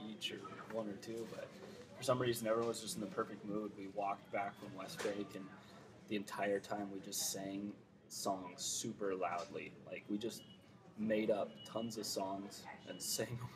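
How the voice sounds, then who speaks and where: A man's voice: lowish voice, flat delivery, moderate pace, background noise. A young man recalling a fond memory to the camera, amused and cheerful.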